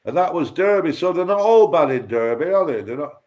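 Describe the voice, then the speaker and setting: A man's voice: a little high, expressive, fairly quick. Foul-mouthed man. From Lancashire. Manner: loud, profane ranting and storytelling. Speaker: livestream panel regular. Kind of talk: casual chat.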